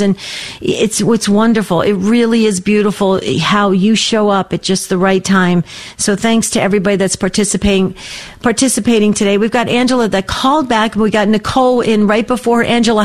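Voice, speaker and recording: Female call-in host with a mid-range voice who cheers callers on. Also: medium pitch. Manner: affirming, encouraging. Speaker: radio show host. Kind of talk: call-in radio talk.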